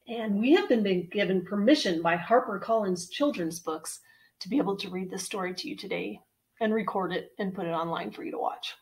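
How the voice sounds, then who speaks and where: A woman's voice: medium pitch, fairly quick, darkish tone, far from the mic. A woman librarian reading a picture book to children, enthusiastic and coaxing, with gasps of mock surprise. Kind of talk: storytime read-aloud for children. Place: at home.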